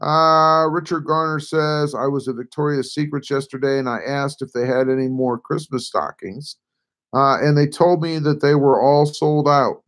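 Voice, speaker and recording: A man with a hoarse, failing voice hosting a casual live stream, reading out viewer comments and answering them offhandedly. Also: a little high, fairly even intonation, normal speed, fairly bright tone. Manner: reads viewer comments aloud and replies offhandedly. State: hoarse, voice nearly gone.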